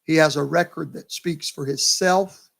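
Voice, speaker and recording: Man, tired pastor, slightly high voice, casual live chat. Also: a little slow, gravelly, fairly bright tone. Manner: chatty, talks to viewers by name. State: tired, yawning. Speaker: pastor hosting a livestream.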